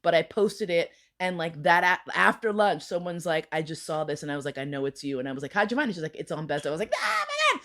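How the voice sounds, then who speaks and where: A woman's voice: fast, few pauses. A woman hosting a podcast, telling a raunchy personal story in casual chat and jumping into quoted voices. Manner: animated, acts out quoted voices with big pitch jumps. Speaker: podcast host.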